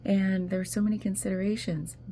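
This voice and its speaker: A woman's voice: mid-range voice, fairly even intonation, brisk, dark tone, slight background noise. A woman talking casually in a video journal, rambling and emotional as she confides personal news. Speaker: vlogger.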